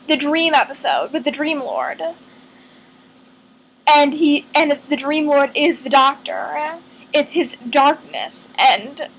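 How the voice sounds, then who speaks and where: A woman talks to her camera in an unhurried, meandering way, working out her thoughts as she goes. Her voice sits high, and she takes her time, pausing often between ideas. She sounds earnest throughout. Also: poor audio. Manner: earnest, rambling, thinks aloud with many pauses. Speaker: vlogger. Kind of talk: casual fan chat to camera.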